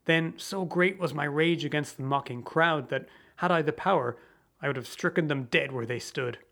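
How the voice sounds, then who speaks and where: A male narrator with a slightly raised voice reads a story aloud. His delivery is measured and theatrical, with a dramatic audiobook feel. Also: fairly high pitch, vocal fry, a bit bright.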